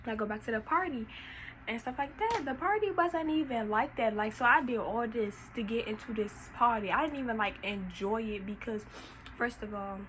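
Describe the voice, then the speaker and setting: Young woman, high voice, animated slangy storytelling, noisy background. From Washington, D.C., USA. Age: young adult. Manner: animated, slangy, laughs often. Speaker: vlogger. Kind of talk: casual storytelling.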